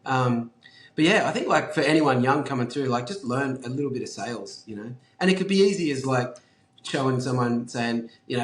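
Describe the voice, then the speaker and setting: A man's voice: mid-range voice, expressive, a little fast. A man in his forties with an Australian accent, chatting casually as an interview guest, laid-back, swearing and full of fillers. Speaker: guest entrepreneur. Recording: roomy echo.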